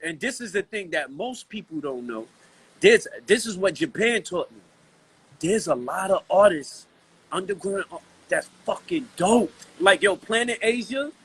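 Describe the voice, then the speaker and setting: A man from Brooklyn talking as a guest in a casual hip-hop chat, animated and slangy, restarting his sentences a lot. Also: sits high, a little slow, slightly rough, rough recording.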